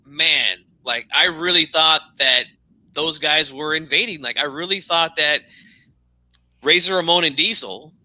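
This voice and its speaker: Bright-voiced man telling wrestling stories. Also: on the high side, measured pace, no room sound, low-quality recording. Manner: animated storyteller, says "man" a lot. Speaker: wrestling podcast host. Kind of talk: casual chat.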